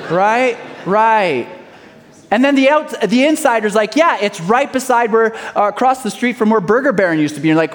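A man preaching a sermon as pastor, swinging between loud declarations and hushed lines, and acting out folksy small-town dialogues. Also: high voice, fairly quick. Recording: long hall reverb.

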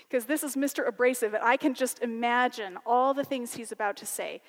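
A woman teacher telling a personal story in a sermon, animated and conversational. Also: a little high, a little fast, in a large hall. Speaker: college teacher and speaker.

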